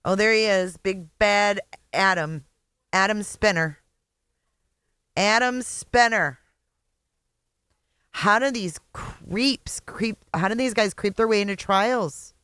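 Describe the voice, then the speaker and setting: A middle-aged host from Indiana riffs through live reaction commentary with blunt, profane sarcasm. The voice sits at an ordinary mid pitch, recorded close on a dry, dead-sounding mic. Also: slow, pauses often, bright, forceful tone, clean tone, dry recording. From Indiana, USA. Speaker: channel host.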